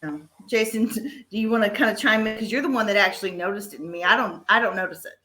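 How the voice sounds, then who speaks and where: A woman's voice: medium pitch, fast, bright, forceful tone. A woman speaking candidly and conversationally in a casual panel chat.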